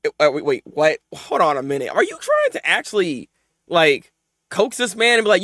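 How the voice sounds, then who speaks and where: Excitable high-voiced man reacting to manga. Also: moderate pace, no room sound, clean studio sound. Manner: excitable, laughs often, jumps between mumbling and loud outbursts; casual slangy talk. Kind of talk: live reaction and discussion.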